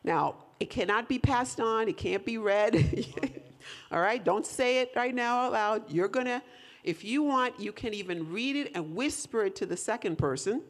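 A woman's voice: on the high side, lively intonation, normal speed. A woman leading a live audience through a whisper game, coaxing volunteers and laughing often. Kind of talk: lively audience participation.

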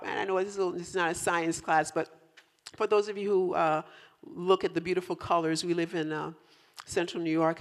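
A woman pastor preaching a sermon to her congregation, animated and teasing, rising to loud emphatic peaks. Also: mid-range voice. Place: church in central New York.

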